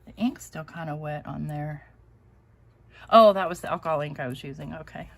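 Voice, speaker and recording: A woman talks casually through a live crafting session. Her voice sits a little low, and her chatty, self-deprecating manner is full of easy laughter. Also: moderate pace, gravelly, fairly bright tone. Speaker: crafting channel host.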